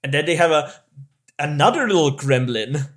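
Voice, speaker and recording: A man's voice: on the high side, animated. A man co-hosting a casual film podcast, swearing and restarting his sentences often. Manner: halting, sweary, many restarts. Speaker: podcast co-host.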